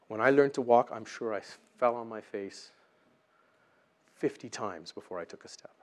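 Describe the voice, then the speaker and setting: A man preaching a sermon, animated and acting out voices in his Bible stories. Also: medium pitch, moderate pace.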